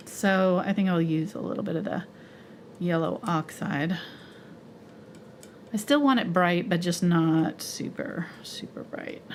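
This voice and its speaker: A woman leads a live painting tutorial in a low, gravelly voice. She is chatty and explains every step as she mixes, laughing easily. A faint hiss sits under her voice. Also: darkish tone. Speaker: painting instructor.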